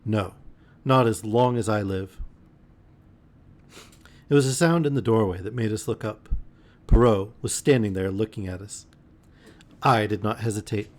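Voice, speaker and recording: A man with a lowish voice reads a novel aloud as a bedtime story on a live stream. His reading is expressive, and now and then he breaks off for a wry comment. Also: unhurried, long pauses.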